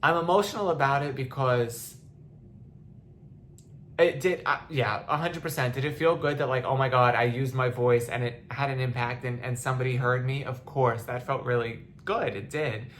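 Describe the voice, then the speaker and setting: A woman's voice: rumbling low, normal speed, a little hiss or hum. A young woman hosting a podcast, talking in a casual, impassioned way with many restarts, at times close to tears. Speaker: podcast host. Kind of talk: casual monologue.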